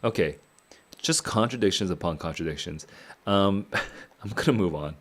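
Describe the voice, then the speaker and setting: A man reading a novel aloud and reacting to it, thinking out loud and often chuckling. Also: low voice, expressive, moderate pace. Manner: musing aloud, frequent chuckles. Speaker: book club streamer.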